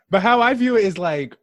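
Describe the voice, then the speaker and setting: A young man hosting a podcast interview, excitable and slangy, laughing often. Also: high-pitched, a little slow, no room sound. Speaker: podcast host.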